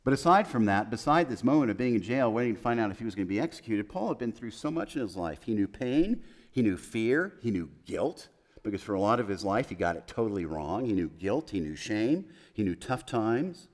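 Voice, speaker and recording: Low-voiced pastor preaching, rising and hushing. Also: male voice, big pitch swings, fairly quick. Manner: emphatic lists with sudden soft, hushed quotes. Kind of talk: sermon. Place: chapel.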